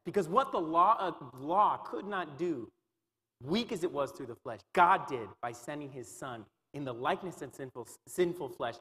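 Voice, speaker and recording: A man delivering an earnest church sermon in a slightly higher-than-usual voice, circling back over his points and sprinkling in "you know". The sound carries a long reverb tail from a large hall. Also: a bit bright. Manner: earnest, repeats phrases, many "you know" fillers. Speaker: pastor.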